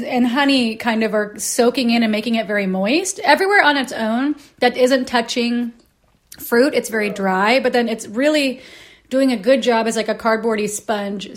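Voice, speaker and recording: A young woman co-host, chatting casually and joking wryly with frequent laughs while tasting food. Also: on the high side. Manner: wry, joking, laughs often.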